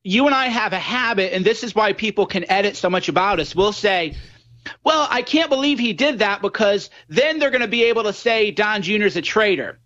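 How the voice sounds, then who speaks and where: High-voiced man guest on muffled line. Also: brisk, hardly any pauses. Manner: animated storytelling, acts out quoted voices. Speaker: guest commentator. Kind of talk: political talk show discussion.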